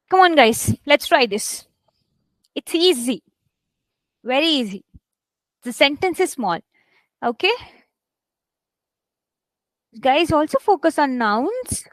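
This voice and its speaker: High-voiced woman coaching a live class. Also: sing-song, no room sound, poor audio. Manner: coaxing, reads sentences aloud slowly with stress. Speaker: English test instructor. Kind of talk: live online class teaching.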